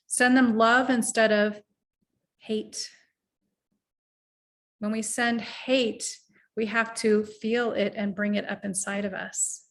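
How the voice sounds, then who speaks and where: In a mid-range voice with a steady, fairly bright tone, a middle-aged woman coaches listeners through an earnest and reflective pep talk. Now and then she guides them in breathing slowly.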